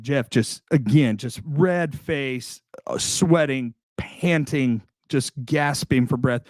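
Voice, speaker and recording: A man's voice: mid-range voice, takes it slowly, no echo, studio quality. Chatty man telling a self-mocking story. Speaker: salesman telling a work story. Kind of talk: casual anecdote. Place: indoor room.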